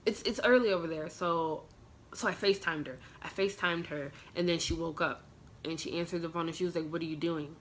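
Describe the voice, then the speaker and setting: A woman's voice: lowish voice, steady tone, a little fast, a little hiss or hum. A young woman vlogger telling a personal storytime in an emotional, casual way, full of "like" fillers. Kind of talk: storytime vlog.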